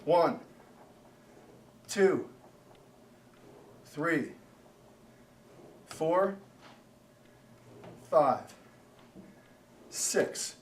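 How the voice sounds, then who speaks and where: A male personal trainer coaching a workout, counting reps out loud and giving short commands. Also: on the high side, distant mic. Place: gym. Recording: echoey gym, voice away from mic.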